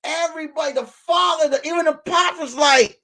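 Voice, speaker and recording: A man hosting a live stream, telling stories in a loud, animated and profane way that breaks into shouts on punchlines. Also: extremely high pitch, moderate pace. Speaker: host. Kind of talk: casual live-stream storytelling.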